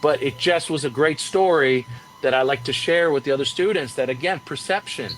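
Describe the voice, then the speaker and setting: Animated male wrestling commentator telling stories. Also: fairly quick, slight background noise. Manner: animated storyteller, acts out quotes with raised pitch. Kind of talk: casual storytelling interview.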